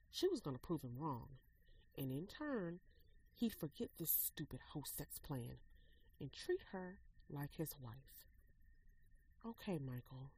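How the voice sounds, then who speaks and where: Woman author reading her novel, deep gravelly voice, slow, mellow tone. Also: slight background noise, rough recording. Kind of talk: dramatic story reading.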